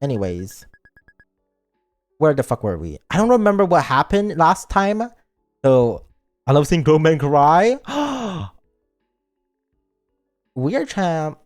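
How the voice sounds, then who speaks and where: A man chatting on a game stream in a silly, joking and rambling way. His pitch swings widely, and faint music plays behind him. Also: sing-song, a little slow, pauses often. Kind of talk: casual game stream chat.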